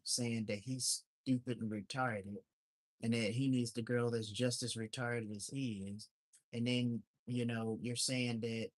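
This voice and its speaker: A man on a casual livestream, ranting bluntly and swearing as he repeats his complaints and reads out viewer names. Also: mid-range voice. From lives in Alaska. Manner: repetitive and exasperated.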